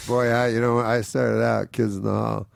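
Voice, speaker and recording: A man telling rambling comic anecdotes on a podcast, slipping into higher voices for the people he quotes. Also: level tone, normal speed, gravelly, dry recording, clean studio sound. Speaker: comedian guest. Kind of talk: casual storytelling chat.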